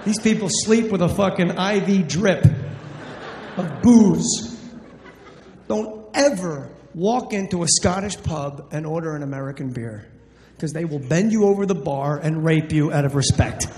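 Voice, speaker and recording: A man's voice: a little high, unhurried, a little mellow, slight background noise. A man from New Jersey doing a brash, profane stand-up comedy routine. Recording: echoey live club with long reverb.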